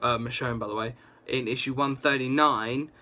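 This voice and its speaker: A young man recapping a comic book issue in a casual, excited ramble, full of "like" and quick reactions. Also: medium pitch.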